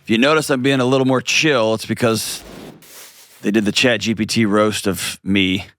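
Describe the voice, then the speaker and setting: A man hosting a call-in advice show, talking with a lively, joking, self-mocking energy. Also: fairly low pitch, normal speed, dry recording, faint music behind. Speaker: host.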